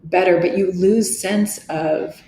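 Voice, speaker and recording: A woman's voice: lowish voice, fairly even intonation, slow pace, warm tone. A middle-aged woman, a podcast guest, speaking earnestly and reflectively, often restarting her sentences. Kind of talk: candid interview talk. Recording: echoey room with faint noise.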